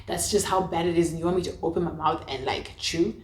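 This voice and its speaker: A woman's voice: steady tone, quick pace. A young woman telling a personal story to camera in a chatty, dramatic way. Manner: chatty, dramatic, acts out her own past lines with big pitch jumps. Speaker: vlogger. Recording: echoey room.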